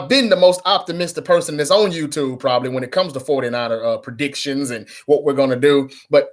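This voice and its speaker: A man's voice: on the high side, a bit bright. A man hosting a sports fan channel, ranting bluntly and with frustration to camera, swearing and repeating himself. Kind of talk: casual fan rant to camera.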